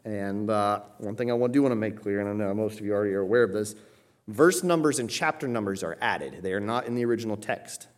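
A man's voice: fairly low pitch, fast talker. A man delivering a teaching sermon in an explanatory manner. He works through a passage carefully, often checking in with his listeners. When he quotes scripture, he lifts his voice for emphasis. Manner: explanatory, checks in with "okay?" and "right?". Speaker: preacher.

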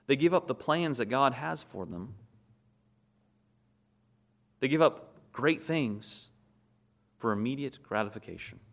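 A man's voice: medium pitch, animated, slow, long pauses. A man preaching a sermon, who asks his listeners questions, answers them himself and acts out short scenes in quoted voices.

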